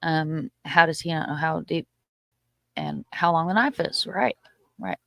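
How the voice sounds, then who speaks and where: Here a streamer reads and responds to comments from viewers, chiming in with short repeated words of agreement and frank opinions. The voice is medium in pitch, creaky and fairly bright, delivered at a measured pace with no room sound.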